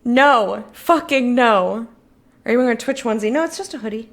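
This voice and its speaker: A woman's voice: fairly high pitch, normal speed. Chatty swearing woman streamer. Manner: animated, swears, laughs often. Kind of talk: casual let's-play chat.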